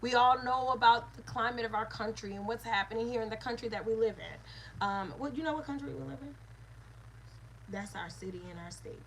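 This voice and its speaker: A woman's voice: a little high, brisk, slight background noise, poor audio. A woman, a mother and spiritual teacher, giving an earnest lesson with repeated phrases and call-and-response. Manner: earnest, repetitive teaching cadence.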